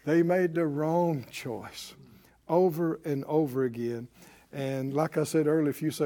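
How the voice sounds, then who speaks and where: A middle-aged pastor preaches a sermon, calling out to his congregation and swinging between loud declarations and quiet asides. His voice is on the high side and unhurried.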